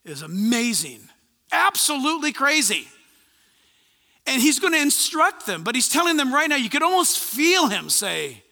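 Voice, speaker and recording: High, bright-voiced animated male preacher. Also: moderate pace, creaky. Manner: animated storytelling, acts out conversations. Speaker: pastor. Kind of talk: sermon. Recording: long hall reverb.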